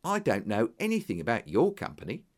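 A man's voice: mid-range voice, huge pitch swings, brisk. A man doing an earnest young clerk. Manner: earnest, modest, surprised. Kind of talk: audiobook character voice.

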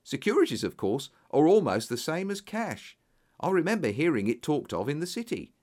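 A man doing a flustered young clerk. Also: normal speed. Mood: eager. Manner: excitable, pleading, rising pitch.

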